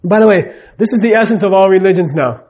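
This spiritual teacher talks fast in a high voice with a darkish tone during a live teaching session. Conversational throughout, he checks in with the audience regularly and acts out the voices of characters in his stories.

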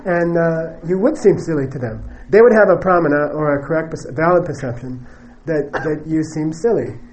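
A man's voice: a little high, normal speed, darkish tone, poor audio. A man teaching Buddhist philosophy in a lecture, joking and laughing often and ending points with "okay?". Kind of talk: classroom dharma lecture.

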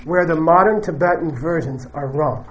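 A man's voice: on the high side, normal speed, a little hiss or hum, poor audio. A man teaching Buddhist philosophy in a lecture, joking and laughing often and ending points with "okay?". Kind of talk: classroom dharma lecture.

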